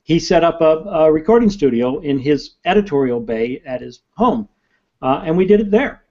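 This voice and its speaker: Animated male author in casual interview, slightly high pitch, dull recording. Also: normal speed. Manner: animated, talkative storyteller.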